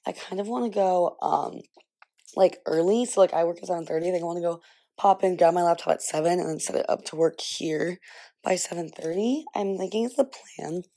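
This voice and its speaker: A woman's voice: lowish voice, brisk, vocal fry, dark tone. Chatty young woman rambling to camera. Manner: chatty, rambling, heavy use of "like". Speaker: vlogger. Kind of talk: casual chat. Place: at home, getting ready.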